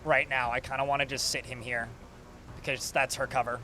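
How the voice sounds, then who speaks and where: Bright-voiced man streaming a game. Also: mid-range voice, level tone, fairly quick, a little hiss or hum. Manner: chatty, swearing, talks to chat. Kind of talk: casual gameplay commentary.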